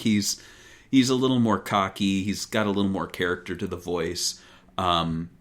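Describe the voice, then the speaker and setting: A man co-hosting a podcast, chatting casually about games with a relaxed, hesitant manner. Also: low voice. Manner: relaxed, hesitant, does quick impressions. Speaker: podcast co-host. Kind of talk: casual chat.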